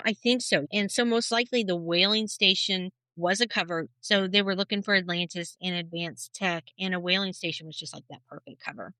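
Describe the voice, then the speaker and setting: Female podcast co-host, casual storyteller, bright tone, dry close sound. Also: lowish voice, dry recording, poor audio. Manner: storytelling, animated, conversational. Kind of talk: casual conspiracy podcast chat.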